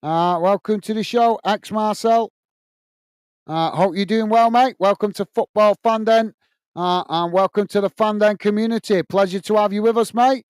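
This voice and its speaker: A man with a high, smooth voice runs a live football watch-along, chatting to viewers and calling the play between plenty of "uh"s. His voice sits close and dry on the mic, with no room sound around it. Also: normal speed, no echo. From United Kingdom. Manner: friendly, reads out viewer messages, frequent "mate" and "uh" fillers; excited goal call.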